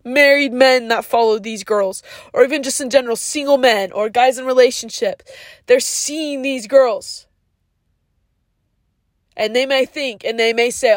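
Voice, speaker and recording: A woman with a fairly high voice talks straight to her podcast listeners in an earnest, preachy tone. She peppers her speech with "like" and tosses in slang such as "yo" and "bro". The sound is close and dry, with no room echo. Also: moderate pace. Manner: frequent "like" fillers. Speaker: podcast host. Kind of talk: casual opinion monologue.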